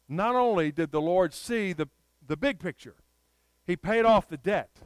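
A man preaching a sermon, telling a Bible story in a lively way and acting out the characters. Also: sits high, unhurried, smooth, dry recording, rough recording. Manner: animated storyteller acting out scenes. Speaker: pastor.

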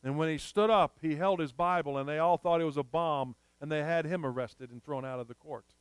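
A male preacher delivers a sermon in an emphatic storytelling manner, stretching out repeated phrases. His voice is smooth and slightly high. The sound is dry and close-miked. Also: brisk, no room sound.

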